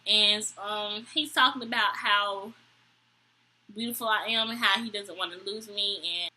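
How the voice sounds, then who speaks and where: A young woman, telling a story to camera in an animated, exasperated way. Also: measured pace, low-quality recording. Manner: animated, exasperated, quotes people with high voices. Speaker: vlogger. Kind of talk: storytime vlog, casual chat to camera.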